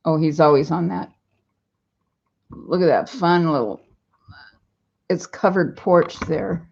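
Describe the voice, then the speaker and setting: A woman's voice: fairly low pitch, takes it slowly, gravelly, pauses often, a little mellow, breathy edge. A woman vlogging casually from her home into a computer webcam, rambling in a downcast way and reading viewer comments aloud. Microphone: computer webcam mic. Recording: dull lo-fi webcam audio.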